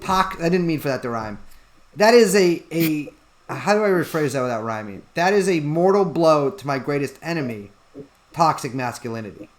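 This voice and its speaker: Playful podcast co-host, lively voice. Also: male voice, on the high side, normal speed. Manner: playful, goofy, feigns ignorance about sports. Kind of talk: casual joking chat.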